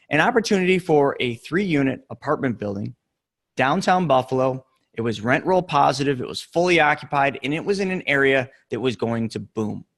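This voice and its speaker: A middle-aged man giving an earnest motivational talk, telling a story with emphatic pauses. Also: a little high. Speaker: real estate investor and coach.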